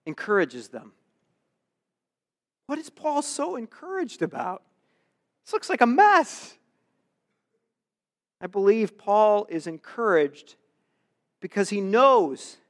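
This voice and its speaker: Earnest high-voiced male preacher. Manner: earnest, rising to emphatic exhortation. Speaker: pastor. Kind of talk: sermon.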